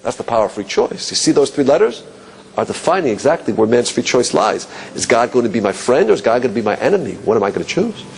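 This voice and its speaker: A man teaching a class, asking rhetorical questions and musing aloud, dropping low and quiet on key points. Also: very animated, fast, creaky, slight background noise. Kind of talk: classroom lecture.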